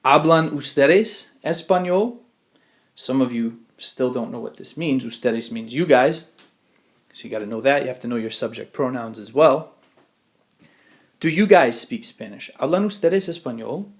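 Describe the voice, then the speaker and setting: A man teaching Spanish in a screencast lesson, explaining step by step, asking rhetorical questions and slowing down to model example phrases. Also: mid-range voice.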